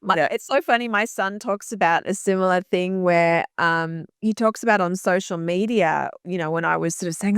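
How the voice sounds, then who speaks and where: Woman, fifties, interview guest, animated storyteller, smooth voice, dry sound. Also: on the low side, normal speed, few pauses, no room sound. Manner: warm, animated storytelling, laughs easily. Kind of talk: interview conversation.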